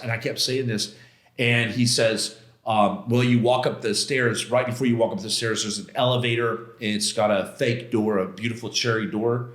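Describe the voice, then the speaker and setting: A man's voice: medium pitch, moderate pace, fairly bright tone. A man being interviewed as a podcast guest, telling a personal story in a casual, slangy, emphatic way and acting out his own past outbursts. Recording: roomy echo.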